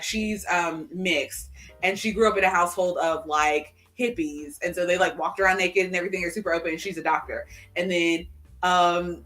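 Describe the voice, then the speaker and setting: Podcast co-host, woman, bright and tense tone, rambling storyteller full of "like", mid-pitch. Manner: rambling, heavy use of "like", acts out quotes while retelling. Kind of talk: casual chat.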